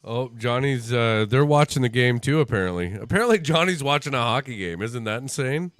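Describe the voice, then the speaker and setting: A man's voice: medium pitch, lively intonation, fairly quick, fairly bright tone. A man chatting loosely through a hockey game on his stream, cracking jokes and trading crude stories with an easy laugh. His voice sits in a middle register and sounds dry and close, with no room echo behind it. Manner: joking, tells crude stories, laughs often. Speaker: livestream host. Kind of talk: casual chat while watching hockey.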